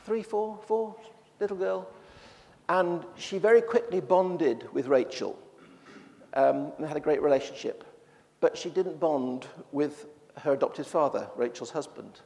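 A man's voice: a little high, measured pace, gravelly, a little mellow, in a large hall. A man preaching a sermon in a church, talking in a conversational way with frequent restarts.

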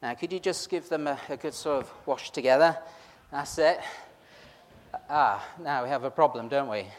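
A man's voice: mid-range voice, normal speed. A man preaching an interactive Easter sermon, chatty and teasing as he pulls the congregation in. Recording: long reverb of a large hall.

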